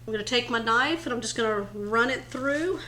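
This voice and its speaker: A woman's voice: fairly high pitch, fairly quick, pushed and bright, slight background noise. Chatty woman hosting a cooking show. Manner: friendly, chatty, addresses viewers as you guys. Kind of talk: cooking demonstration. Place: home kitchen.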